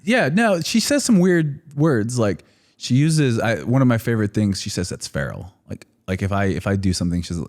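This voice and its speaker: A man's voice: on the low side, sing-song, normal speed, a little mellow. A man in his thirties, a podcast guest, telling stories in casual chat with lots of fillers and laughs. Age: 30s. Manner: rambling storytelling with many fillers and laughs.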